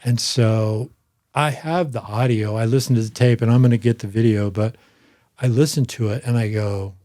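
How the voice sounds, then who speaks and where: Older guy, stand-up comic guest, rambling swear-heavy stories, middle pitch. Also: fairly even intonation, moderate pace, warm tone. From United States. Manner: loose, profane storytelling. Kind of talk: casual chat.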